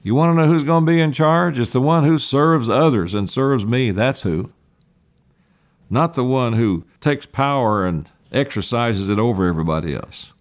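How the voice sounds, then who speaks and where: Older man, pastor, sermon, earnest and deliberate, mid-pitched voice, slow emphatic stresses. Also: dull audio.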